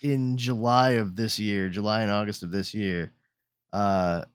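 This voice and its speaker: A man's voice: lowish voice, fairly even intonation, unhurried, clean tone, no echo, studio quality. A man hosting a podcast in casual chat, rambling with lots of swearing and trailing off mid-sentence. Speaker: podcast host.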